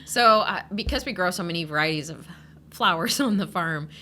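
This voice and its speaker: A woman's voice: on the low side, animated, moderate pace, bright, forceful tone, slight background noise. A woman who hosts a podcast and farms cut flowers, chatting casually and telling stories with frequent laughter. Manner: chatty storyteller, laughs often.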